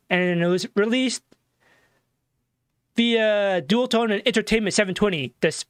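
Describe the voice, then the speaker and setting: A man's voice: high voice, no echo, clean studio sound. A young man co-hosting a casual online show, reading entertainment and sports news aloud and then riffing on it in an easy, chatty way. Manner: chatty, reads headlines then riffs. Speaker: co-host.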